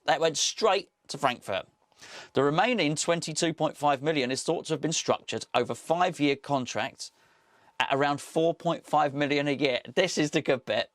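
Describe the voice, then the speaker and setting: A man's voice: on the high side, moderate pace, no echo. A man hosting a solo football podcast, reading out news and adding wry, sarcastic asides.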